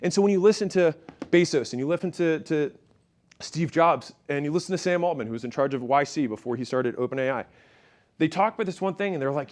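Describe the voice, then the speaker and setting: A man's voice: on the high side, fast. A man giving a motivational business talk in a punchy, storytelling way, speaking straight to his audience.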